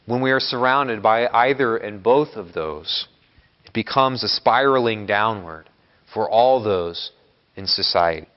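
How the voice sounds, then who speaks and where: Priest man giving a homily, slow emphatic lists, muffled lo-fi sound. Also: on the low side. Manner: measured, emphatic delivery in lists. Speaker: Catholic priest. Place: church. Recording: long church reverb, dull lo-fi sound.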